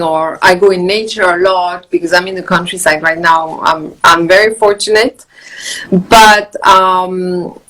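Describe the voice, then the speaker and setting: On a low-quality video call from her countryside home, a wellness author from France chats casually as a guest about meditation and balance. She speaks with a French accent in a medium-pitched, fairly bright voice, earnest and prone to repeating words.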